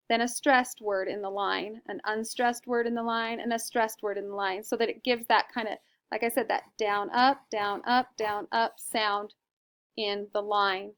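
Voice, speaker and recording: A woman's voice: fairly high pitch, steady tone, moderate pace, a bit bright. A woman teacher giving a patient, explanatory recorded lesson and often checking in with her listeners.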